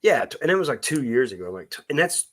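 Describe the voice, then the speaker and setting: A man's voice: mid-range voice, sing-song, quick pace. A man chatting casually on a live stream, rambling with many restarts and greeting viewers by name. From Missouri.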